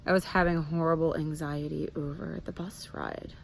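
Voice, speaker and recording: Woman vlogger, low voice, candid and rambling, faint room hum. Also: flat delivery, normal speed, creaky, a bit bright. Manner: candid, rambling with fillers and restarts. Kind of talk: casual personal vlog.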